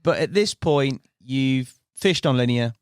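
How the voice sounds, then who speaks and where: A man's voice: medium pitch, measured pace, clear, resonant tone, no echo, clean studio sound. A man hosting a podcast, asking easygoing questions and calling his guest mate. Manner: relaxed, says mate, short prompts. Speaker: podcast host. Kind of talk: casual interview chat.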